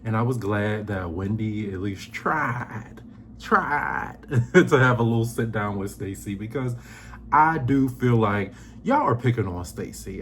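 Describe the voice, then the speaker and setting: A man hosting a casual reality TV recap, talking sassy and animated, acting out quotes in high voices. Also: slight background noise. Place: indoors, seated on a squeaky chair.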